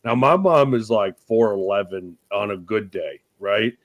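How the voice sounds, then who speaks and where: A man hosting a casual podcast chat, telling rambling, profane comic stories with loud outbursts. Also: fairly low pitch, measured pace, no room sound. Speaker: podcast host.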